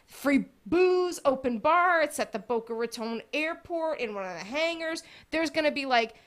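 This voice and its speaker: A woman's voice: high voice, fairly bright tone. A woman co-hosting a radio show, chatting eagerly with plenty of filler words. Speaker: co-host. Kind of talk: casual radio chat.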